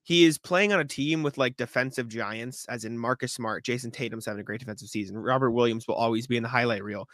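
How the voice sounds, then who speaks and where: Uomo che parla di sport, suono asciutto. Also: male voice, mid-range voice, a bit bright, no echo, clean studio sound. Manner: rapid, rambling, repeats words and clears throat. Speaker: podcast co-host and sportswriter. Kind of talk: casual sports chat.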